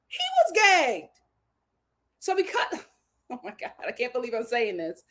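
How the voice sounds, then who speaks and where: Animated woman, high and lively, laughs through her reality-show recap. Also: a little slow, pauses often. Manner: laughing, exclaiming, repeating lines for emphasis.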